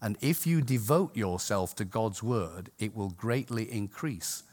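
A man's voice: lowish voice, lively intonation, unhurried, darkish tone. An older man from Scotland, preaching a sermon and telling jokes and stories, chuckling at his own anecdotes.

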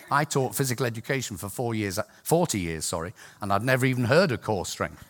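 A man's voice: medium pitch, lively intonation, a little fast. An older man from Scotland, preaching a sermon and telling jokes and stories, chuckling at his own anecdotes.

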